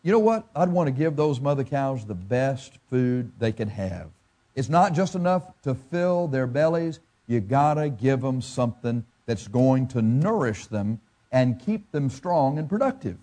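Pastor, male, preaching. Folksy, asks the room questions, mellow tone. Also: mid-range voice, sing-song, unhurried. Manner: farm analogies. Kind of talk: sermon.

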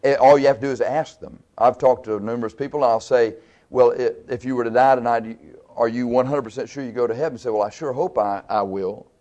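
A man preaching a sermon, asking his listeners questions and answering them himself, with loudness and pitch rising and falling. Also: steady tone, fairly quick. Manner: varies pitch and loudness widely.

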